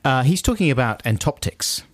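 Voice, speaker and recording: A man's voice: mid-range voice, big pitch swings, brisk, no room sound. A man co-hosting a radio show, chatting and bantering playfully. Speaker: radio co-host. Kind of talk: casual radio chat.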